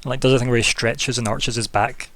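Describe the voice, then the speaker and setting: A man running a tabletop game as game master, narrating casually with quick asides and fillers. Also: medium pitch, steady tone, fairly bright tone. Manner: chatty, fast asides with fillers.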